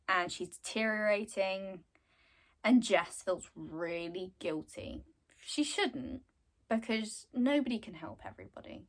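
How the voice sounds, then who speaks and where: A young woman casually retelling a game's story in a chatty way, with lots of fillers. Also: mid-range voice. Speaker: content creator.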